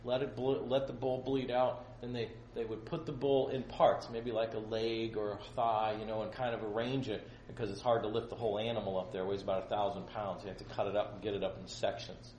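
A middle-aged man teaching from the Bible to a small group, acting out quotes loudly and joking with his listeners. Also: fairly low pitch, flat delivery, fairly quick, few pauses, a little hiss or hum. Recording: echoey room with faint ambience.

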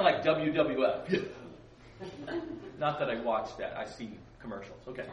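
A man with a mid-range voice and lively intonation takes his time, leaving long pauses. He's teaching teens a casual Bible lesson in a gym-like hall, cracking jokes and asking them questions. Faint noise and a distant mic give the recording a roomy feel.

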